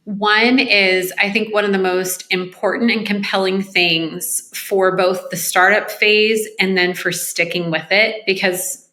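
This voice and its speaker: A woman's voice: mid-range voice, steady tone, a little slow, sharp tone, rough recording. A woman appears as a guest on an interview podcast, speaking as a resilience coach. Her voice sits in a middle range, and she chats in an easy, encouraging way. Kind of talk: casual interview chat.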